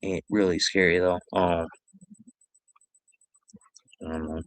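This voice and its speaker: A man's voice: sits low, level tone, slow, no room sound. A man in his forties telling rambling, profane stories alone on a stream, repeating himself. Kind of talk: casual storytelling.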